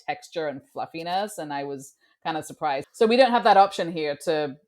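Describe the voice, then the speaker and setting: A woman's voice: deep voice, lively intonation, fairly quick, darkish tone. A woman from the United States chatting on a podcast, friendly and curious, laughing easily between questions. Her voice sits well below most women's. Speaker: podcast co-host. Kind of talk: casual chat.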